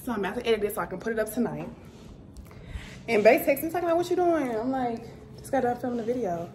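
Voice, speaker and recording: A woman vlogger chatting casually to camera, animated and talkative. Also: on the high side, fast talker, reverberant, slight background noise. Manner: chatty, animated, addresses viewers as y'all. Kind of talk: casual vlog chat to camera.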